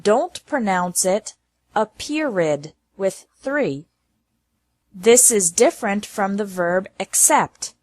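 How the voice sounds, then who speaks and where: A woman teaching English pronunciation, reading word lists slowly and enunciating each word with care. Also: medium pitch, no echo. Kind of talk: slow scripted lesson narration.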